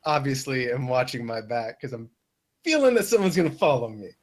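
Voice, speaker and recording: A man playing a tabletop game, talking in an easygoing, halting way. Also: mid-range voice, big pitch swings. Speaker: player. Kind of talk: tabletop role-play.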